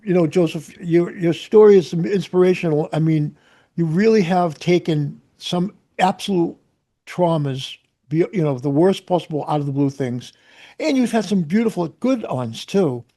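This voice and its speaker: Male podcast host, mellow tone, effusive, casual. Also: a little high, expressive, moderate pace. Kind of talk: casual interview chat.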